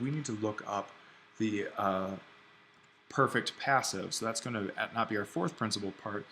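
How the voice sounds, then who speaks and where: A man teaching an online Greek grammar lesson, thinking aloud and slowing down to spell out each form. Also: fairly low pitch, pushed and bright, a little hiss or hum. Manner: explains step by step, thinking aloud; slows down to spell out Greek forms.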